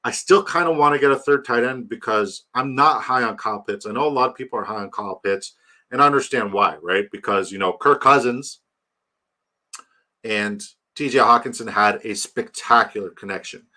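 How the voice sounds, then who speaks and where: A man's voice: medium pitch, normal speed, bright, forceful tone. A man hosting a casual livestream, rambling about his draft, reading chat aloud and hyping a giveaway. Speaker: livestream host.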